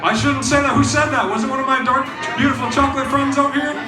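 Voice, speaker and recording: A young man does brash stand-up crowd work, his voice pushed very high and teasing the room. He is picked up from far off across an echoey club. A loud crowd rumbles behind him. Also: steady tone, quick pace, over music. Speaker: open-mic comedian. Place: comedy club stage. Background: audience noise.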